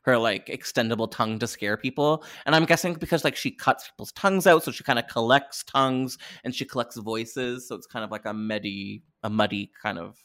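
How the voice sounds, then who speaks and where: A man co-hosting a casual podcast, making wry jokey asides and sometimes trailing off into hushed mutters. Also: medium pitch, fairly quick, hardly any pauses. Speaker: podcast co-host. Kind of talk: casual chat.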